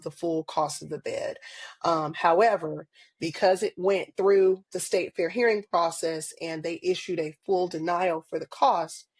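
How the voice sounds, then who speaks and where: Slow-talking woman, earnest and chatty. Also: fairly low pitch, no room sound. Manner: chatty, frequent ums and laughs, earnest. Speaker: podcast guest, parent advocate. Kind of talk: casual interview conversation.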